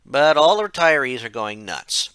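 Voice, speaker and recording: A man's voice: medium pitch, sing-song, moderate pace, fairly bright tone, clean tone, dry recording. A man narrating a casual game retrospective, rambling, correcting himself and dropping wry asides. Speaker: game reviewer.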